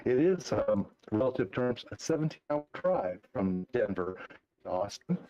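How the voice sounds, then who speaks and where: Relaxed older American man on voice chat. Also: medium pitch, moderate pace, faint music behind, low-quality recording. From United States. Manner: relaxed, hesitant with many fillers. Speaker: co-commentator. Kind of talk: casual race commentary over voice chat. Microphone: remote voice chat mic.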